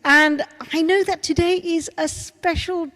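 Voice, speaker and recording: A woman hosting an online show over a video call, chatting warmly and gushingly with a young guest. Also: very high voice, steady tone, a little slow, long reverb tail. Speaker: host. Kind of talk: casual chat on a video call.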